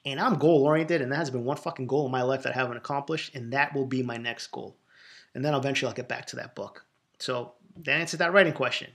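A man's voice: mid-range voice, fast, a bit bright. A man with a Boston accent hosting a solo podcast, answering listener questions in an emphatic, profane, boastful way. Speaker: podcast host.

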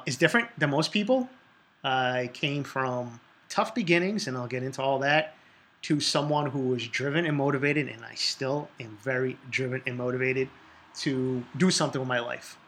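A man's voice: mid-range voice, creaky, fairly bright tone. A man in his thirties with a Boston accent, hosting a podcast in a blunt, emphatic monologue full of swearing. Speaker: podcast host.

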